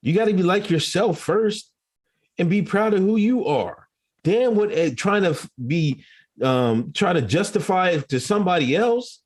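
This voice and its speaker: Co-host, male, higher-pitched voice that swoops all over, profane and animated. Rants more than he talks. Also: normal speed. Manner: animated profane ranting, mocking. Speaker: podcast co-host. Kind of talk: casual podcast commentary.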